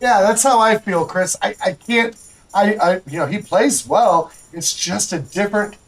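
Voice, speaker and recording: A man's voice: sits high, moderate pace, soft background music, low-quality recording. A man hosting a livestream, giving rambling, chatty commentary to viewers while he plays a golf game. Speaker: livestream host. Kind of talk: casual gameplay commentary.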